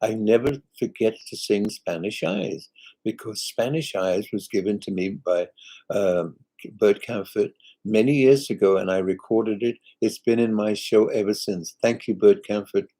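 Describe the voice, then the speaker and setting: Older British man, warm low voice. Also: husky, poor audio. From Britain. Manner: chatty and rambling, reads messages aloud. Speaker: singer hosting a fan live chat. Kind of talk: casual chat reading viewer comments aloud.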